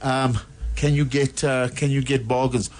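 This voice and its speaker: A male radio host interviewing guests in a studio, firing off quick, probing questions. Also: mid-range voice, level tone.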